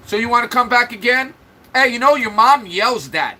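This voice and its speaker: A man's voice: very high-pitched, expressive, unhurried, bright, forceful tone, a little hiss or hum, low-quality recording. A man hosting a livestream, trash-talking and mocking commenters in loose, joking banter. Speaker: livestream host. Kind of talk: mocking live-chat banter.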